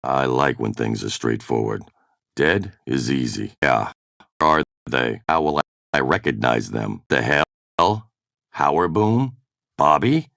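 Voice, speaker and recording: An actor playing a hard-bitten, mercenary privateer captain in video game voice-over takes, with curt, sardonic lines. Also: male voice, extremely low pitch, expressive, takes it slowly, gravelly, fairly bright tone, no room sound, studio quality, exaggerated voice. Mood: gruff. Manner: curt, sardonic one-liners. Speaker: voice actor in game recording sessions.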